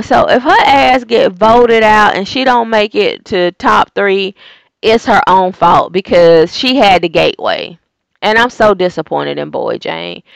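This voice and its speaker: Sassy woman with a gravelly voice. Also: mid-range voice, no room sound. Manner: sassy, exasperated, rhetorical questions. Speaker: reality TV recap vlogger. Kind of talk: casual opinionated recap.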